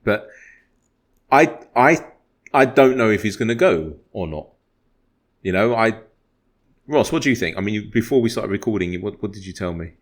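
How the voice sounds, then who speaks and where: A man's voice: lowish voice, lively intonation, moderate pace, long pauses. A man co-hosting a football podcast, rambling through a story and poking fun at himself. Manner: rambling storyteller, self-deprecating. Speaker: podcast co-host. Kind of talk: casual football podcast chat.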